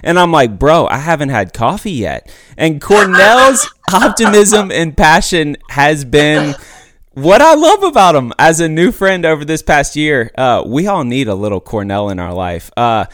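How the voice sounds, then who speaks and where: A man hosting a podcast, talking in an energetic, emphatic, chatty way. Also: fairly high pitch, a little slow. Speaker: podcast host. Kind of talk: casual podcast chat.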